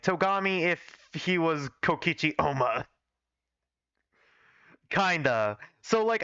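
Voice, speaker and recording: Young guy reading his old fanfic on stream, bright lively voice, dull dry mic. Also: a little high, clean tone, no echo. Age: young adult. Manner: self-critical, rambling with fillers. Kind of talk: casual livestream reading.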